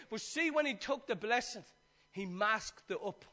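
A man's voice: very high voice, normal speed. A man with an Irish accent preaching a sermon, telling a story with animation and joking with the congregation. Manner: animated storytelling, acts out the characters; jokes with the congregation.

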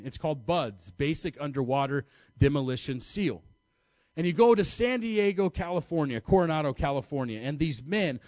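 A man's voice: on the high side, darkish tone, no room sound. An American man preaching, telling a story in a chatty, self-mocking way and laughing at himself. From United States. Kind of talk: storytelling sermon to an audience.

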